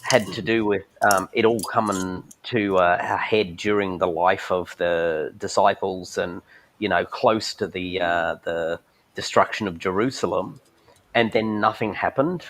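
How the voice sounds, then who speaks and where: A man's voice: deep voice, a little slow, fairly bright tone, poor audio. A man chatting casually, blunt and irreverent, with the occasional swear word. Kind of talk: casual chat.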